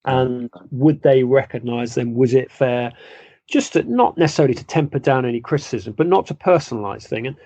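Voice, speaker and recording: A man, a football journalist, giving measured, self-deprecating interview answers with frequent restarts. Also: mid-range voice, dark tone. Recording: dull lo-fi dry sound.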